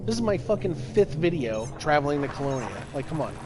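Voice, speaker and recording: A young man giving live commentary while playing a space game, swearing often and swinging between exasperation and excitement. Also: a little high, fast, noisy background. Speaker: game streamer.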